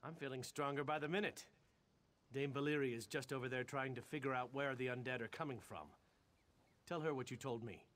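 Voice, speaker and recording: A man's voice: medium pitch, brisk, fairly bright tone, close to an everyday voice. Game ally guy, earnest and resolute, a man acting it out.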